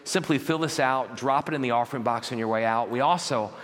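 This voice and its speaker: A man preaching a sermon as pastor, telling animated stories and acting out parents and children. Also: mid-range voice, brisk. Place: large church auditorium. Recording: long church hall reverb.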